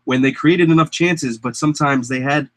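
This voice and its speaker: A young man co-hosting a casual sports radio chat, measured and analytical, often dropping his voice. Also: medium pitch, a bit bright, dry recording. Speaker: co-host. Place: radio studio.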